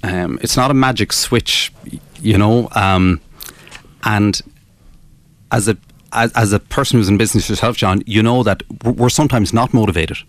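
A man, a business author interviewed as a guest, explaining his ideas in a measured way with frequent restarts. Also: lowish voice, dry recording. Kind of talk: radio interview.

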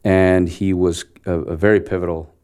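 A man from Canada in his forties speaks in a low, deep voice. He tells a story in a casual interview and acts out the dialogue with plenty of energy, laughing now and then. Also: little pitch movement, moderate pace, darkish tone. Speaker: actor guest.

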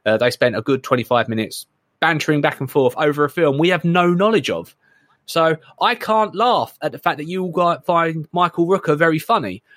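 A man co-hosting a casual film podcast, excited and sweary, rambling between points. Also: a little high, dry recording. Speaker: podcast co-host.

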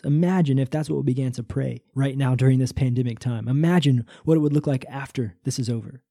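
A man's voice: a little high, fairly quick, hardly any pauses, warm tone, breathy edge, no echo, studio quality. A man preaching a short, impassioned sermon on a podcast. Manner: impassioned preaching, rising on cries.

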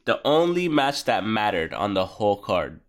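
A man's voice: lowish voice, very animated, moderate pace. A man chatting casually about wrestling, blunt and profane, with emphatic remarks.

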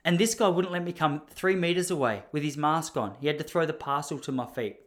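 A young Australian man telling a story in a casual, mock-indignant monologue. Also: a little fast. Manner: animated, mock-indignant, jumps up high when acting out others.

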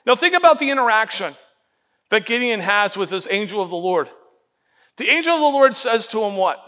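A man preaching a sermon as pastor, animated and acting out the voices he quotes, often repeating words as he goes. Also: high-pitched, fairly quick.

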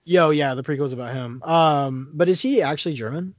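Man, movie chat podcast, rambling, fillers, slightly high voice, dry close sound. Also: a little fast, no room sound, muffled recording. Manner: rambling, many fillers and restarts. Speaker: podcast co-host. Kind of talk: casual movie discussion.

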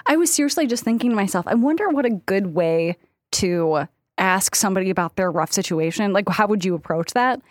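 A woman's voice: medium pitch, animated, fairly quick, no echo, studio quality. A woman co-hosting a casual advice podcast, rambling with lots of fillers and frequent laughs. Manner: chatty, rambling, many likes, laughs often. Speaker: podcast co-host.

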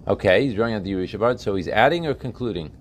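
A man's voice: fairly low pitch, animated, racing, slight background noise. A man teaching a religious text class, often asking his students questions and checking that they follow.

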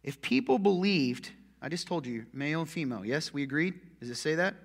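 Punchy pastor in an echoey hall. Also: male voice, a little high, animated, a little fast, creaky. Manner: punchy, joking, swings from loud to muttered asides. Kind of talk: sermon. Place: church hall with long reverb.

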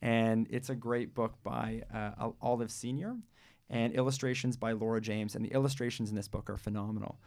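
A man's voice: medium pitch, steady tone, a little fast, gravelly, darkish tone. A man co-hosting a radio show, chatting casually with lots of fillers and restarts. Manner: hesitant, many fillers and restarts. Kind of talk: casual chat and reading aloud.

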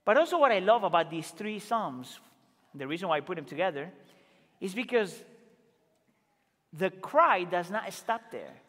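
A man preaching a sermon as pastor, earnest and emphatic, rising to loud exclamations and dropping to quiet asides. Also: sits high, very animated, normal speed, pauses often. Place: church sanctuary. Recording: reverberant church hall.

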